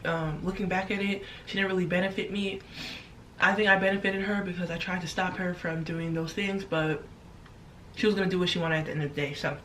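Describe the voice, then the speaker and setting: A woman's voice: mid-range voice, fairly bright tone, recorded from a distance, a little hiss or hum. A young woman telling a story casually while eating in her bedroom, blunt and chatty, swearing freely. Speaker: vlogger.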